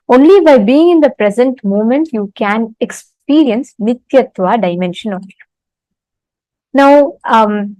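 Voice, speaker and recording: A woman leads an online spiritual teaching, asking her audience questions and telling stories in a slow, deliberate, slightly high and somewhat mellow voice. The recording is dry and close with no room sound, and the audio quality is poor.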